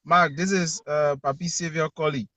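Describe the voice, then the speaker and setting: A man's voice: on the high side, fairly even intonation, moderate pace, sharp tone, no echo. A man with a Liberian accent, a journalist calling in who argues emphatically and repeats his key words. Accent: Liberian English. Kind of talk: call-in talk show.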